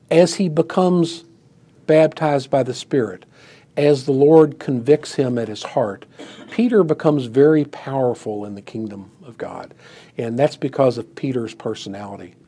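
A man's voice: medium pitch, moderate pace, mellow, slightly rough. A man preaching a sermon and teaching a Bible passage in a conversational way, with many "you know"s, who acts out the quoted lines with rising emphasis. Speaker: pastor.

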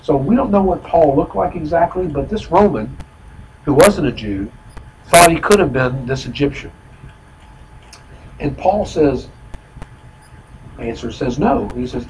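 A man leads a Bible study in a relaxed, conversational manner, stopping often to explain a point. He corrects himself mid-sentence and leans on fillers as he goes. His voice sits at a middle pitch, with a faint hiss of noise behind it. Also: normal speed, pauses often, poor audio. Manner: self-correcting with frequent fillers.

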